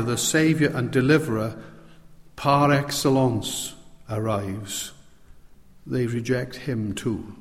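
A man giving an expository sermon, reading scripture aloud slowly and with heavy stress on key words. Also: mid-range voice. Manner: reads scripture aloud with slow, emphatic stress. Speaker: preacher. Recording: long hall reverb.

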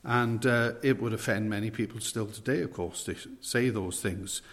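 Emphatic preacher in a reverberant hall. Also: male voice, lowish voice, a bit bright. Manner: emphatic, slows down to stress key phrases. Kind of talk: sermon.

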